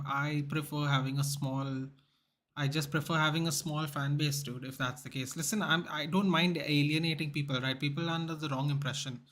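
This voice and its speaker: A man's voice: a little high, fairly bright tone. A man hosting a football watchalong livestream, talking casually in a rambling, opinionated way and often calling listeners "dude".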